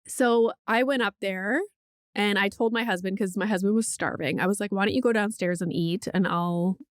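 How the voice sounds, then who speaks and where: In studio-quality audio with no room sound, a woman speaks at a normal speed with a medium pitch and fairly even intonation. She's a podcast host and mother of a young child, candidly sharing a parenting story in casual chat, swearing freely and saying "like" a lot.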